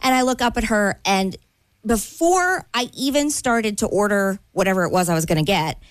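A woman co-hosting a morning radio show, telling a story in lively casual chat and laughing often. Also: medium pitch, normal speed, no room sound.

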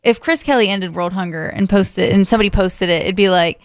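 A woman's voice: mid-range voice, brisk, smooth, dry recording, studio quality. A woman co-hosting a radio show, making her point in casual banter.

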